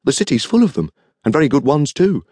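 A man's voice: on the high side, big pitch swings, fast, mellow, breathy edge, no room sound, clean studio sound, pitched above the performer's own voice. A male audiobook narrator voicing a polite, refined young dandy who works in an art shop, speaking eagerly and deferentially. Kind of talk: audiobook character reading.

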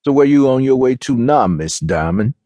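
A man's voice: medium pitch, lively intonation, normal speed, dark tone, dry recording, pitched above the performer's own voice, natural voice. A man doing a swaggering street hustler. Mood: cocky. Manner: slangy, swaggering. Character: cocky, menacing streetwise young man.

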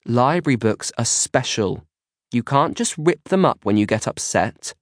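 A man's voice: mid-range voice, animated, measured pace, no echo, clean studio sound, voice pushed up. A man voicing a patient teenage girl in a children's audiobook, talking as a big sister in a firm but coaxing way. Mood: scolding.

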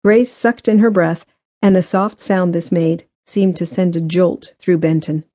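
Woman audiobook narrator; measured, mellow tone, dry close mic. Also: lowish voice, no room sound. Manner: measured, even storytelling. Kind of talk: scripted narration. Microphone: close studio mic.

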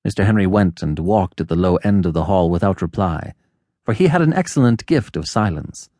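A man narrating an old novel, measured and unhurried. His pitch stays lively from phrase to phrase. The recording is dry, with no room echo. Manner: measured, lowered storytelling voice. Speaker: audiobook narrator. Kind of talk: scripted narration of a classic novel.

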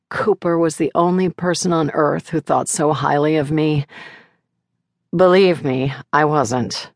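Woman narrating a novel, low and dry. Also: measured pace, no echo. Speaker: audiobook narrator. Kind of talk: first-person novel narration.

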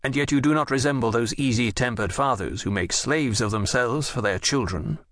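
A man voicing a young king who speaks with firm, measured authority in an audiobook. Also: mid-range voice, a bit bright, no room sound, studio quality, natural voice. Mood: commanding. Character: young male king, firm and self-assured.

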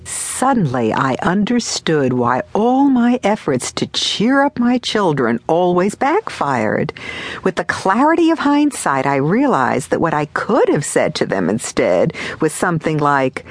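Expressive woman narrating, low lively voice. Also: unhurried, dry recording. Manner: expressive, conversational, wry. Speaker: author and narrator. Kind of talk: audiobook narration.

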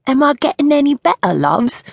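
A woman's voice: high-pitched, very animated, brisk, creaky, no room sound, clean studio sound, voice pushed up, full character voice. A woman narrator voicing a bubbly woman who puts on a terrible British accent in an audiobook. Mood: hammy. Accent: put-on British. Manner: chirpy, theatrical. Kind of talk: audiobook character voice.

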